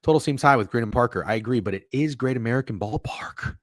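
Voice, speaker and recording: A young man hosting a live sports betting stream, chatting with viewers in a profane, animated way. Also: medium pitch, fast, no room sound, studio quality. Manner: animated, swearing, talks to chat. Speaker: sports betting show host.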